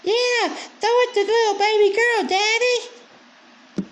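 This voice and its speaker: Whiny baby-girl voice, sing-song and simpering, pitched way up; a man mocking. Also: steady tone, takes it slowly, fairly bright tone, heavily acted. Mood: babyish. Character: whiny babyish young girl.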